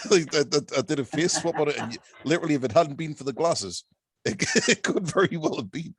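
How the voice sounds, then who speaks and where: A man's voice: on the high side, animated, brisk, husky, dry recording. A man, telling a rambling, hesitant story in casual chat. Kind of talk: casual chat over beers.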